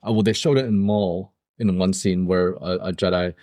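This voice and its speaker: A man's voice: low-pitched, fairly even intonation, moderate pace, a little mellow, no echo, studio quality. A man co-hosting a podcast in casual chat, rambling and joking with a lot of fillers. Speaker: podcast co-host. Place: room with the other hosts and guest.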